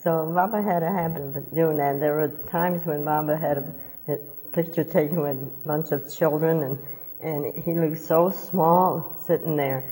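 An older woman with a low voice shares memories in front of a gathering. She laughs often and puts on a higher voice for quoted lines. Her words ring out with the long reverb of a large hall. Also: fairly even intonation, a little slow, mellow. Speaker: family member recounting memories. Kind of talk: casual storytelling to a group.

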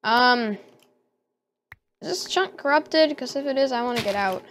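A woman gamer gives casual let's-play commentary in an unhurried, fairly bright voice on the high side, with slight background noise. She talks to herself and squeals whenever danger appears.

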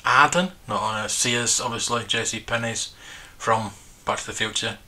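A man's voice: lowish voice, moderate pace, pushed and bright. A man in his forties, hosting a casual live stream and chatting in a rambling, nostalgic way. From United Kingdom. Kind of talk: casual live-stream chat, reading viewer comments.

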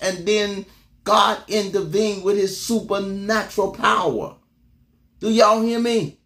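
A man preaching a motivational sermon, exhorting his congregation with call-and-response and repeated words, swinging between loud bursts and low murmurs.

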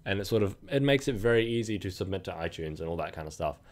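A man's voice: low voice, expressive, quick pace. A young man hosting his own podcast, talking casually and rambling with lots of fillers and restarts. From New Zealand. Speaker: podcast host. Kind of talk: casual solo podcast talk.

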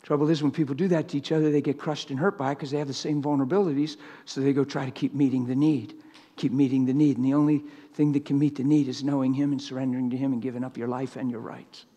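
A man preaching a sermon in a church, impassioned, swinging from loud urgent stretches to hushed, quiet ones. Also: medium pitch, fairly even intonation, fast talker, lo-fi sound. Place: church sanctuary.

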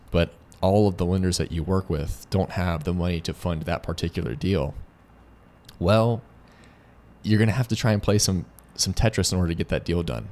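A man's voice: deep voice, a little mellow. A man with an American accent co-hosting a casual business discussion, adding points and using analogies, with frequent restarts. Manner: adds points, restarts phrases, uses analogies. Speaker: lending company co-host.

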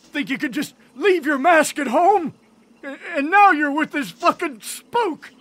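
An actor voicing a desperate older man in a video game, shouting to drive intruders away from his dying wife. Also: extremely high pitch, animated, a little slow, no room sound, exaggerated voice. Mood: furious.

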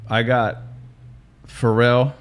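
A man's voice: medium pitch, little pitch movement, extremely slow. A man hosting a podcast, chatting casually and telling stories in loose slang with lots of swearing. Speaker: podcast host and DJ. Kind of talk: casual chat.

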